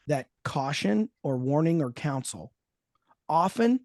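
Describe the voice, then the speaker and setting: Higher-pitched man, dry close sound. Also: normal speed, no room sound. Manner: thoughtful, storytelling, lively emphasis. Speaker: podcast host. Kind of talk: casual chat.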